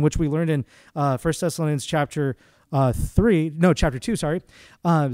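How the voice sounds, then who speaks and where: A man delivers a sermon as a guest preacher, loose and conversational, stumbling through restarts and fillers. His voice sits a little high for a man, with a mellow, soft tone. The sound is close and dry. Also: brisk, dry recording. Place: church.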